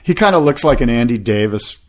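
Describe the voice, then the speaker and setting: A man co-hosting a surf podcast, telling rambling stories in a relaxed, casual way. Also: medium pitch, brisk. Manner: relaxed, rambling storytelling with surfer slang. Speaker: podcast co-host. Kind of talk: casual chat.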